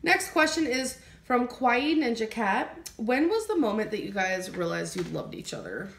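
A woman's voice: a little high, big pitch swings, normal speed. A woman vlogger reading viewer questions and chatting casually in a couple Q&A, with loose, giggly phrasing. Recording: roomy echo.

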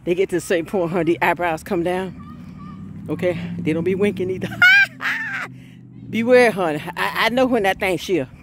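A woman preaching an informal sermon, fervent and chatty, often breaking into laughs and shouted exclamations. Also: on the low side, brisk, background noise.

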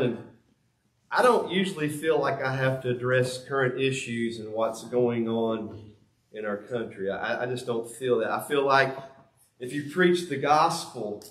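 Speaking from a church sanctuary, a pastor with a medium-pitched, fairly bright voice gives an earnest, confessional sermon. Key words get emphasis through repetition, and the space sounds echoey.

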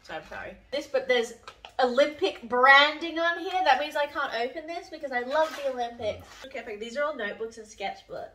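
A woman, vlogging at home and sounding a little emotional and sniffly. Her voice is bright and a touch high, and she speaks softly, then jumps into excited bursts. She is recorded a little away from the mic, with faint noise behind her. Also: fairly quick, recorded from a distance. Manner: soft-spoken and chatty, with bursts of excitement. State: runny nose, emotional. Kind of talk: casual home vlog, reading fan mail aloud. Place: home studio, indoors.

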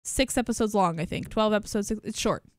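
Uma mulher coapresentadora numa conversa descontraída e brincalhona antes de uma transmissão. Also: female voice, mid-range voice, fairly quick, dry recording, studio quality. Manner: playful, jokey, giggly. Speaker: co-host. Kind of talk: casual pre-show chat.

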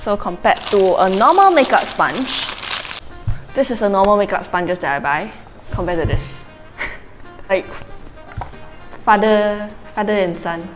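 A woman's voice: mid-range voice, lively intonation, a little slow, pauses often, music in the background. Chatty young woman vlogging. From Malaysia. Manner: chatty, rambling, many fillers. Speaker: beauty vlogger. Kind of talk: casual chat.

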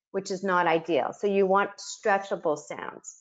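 A woman's voice: lowish voice, fairly even intonation, normal speed. Middle-aged woman running a webinar, sounds out words as she explains, kinda muffled lo-fi sound. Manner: explanatory, models speech sounds aloud. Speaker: webinar facilitator. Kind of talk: instructional webinar presentation.

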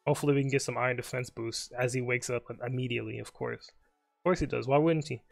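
A man's voice: mid-range voice, steady tone, creaky, faint music behind. A young man casually commenting on his own live game, joking and talking to his opponent. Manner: joking, talks to the opponent, quick mutters. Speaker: streamer.

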